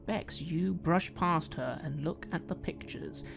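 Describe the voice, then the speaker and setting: A woman's voice: low-pitched, takes it slowly, vocal fry, music in the background. A woman running a tabletop game as game master, describing scenes and asking players what they do.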